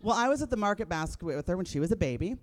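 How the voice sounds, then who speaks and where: This thirty-something woman performs stand-up live for an audience, very fast and with lively intonation in her mid-range voice. Her set is blunt and profane, built on wry punchlines.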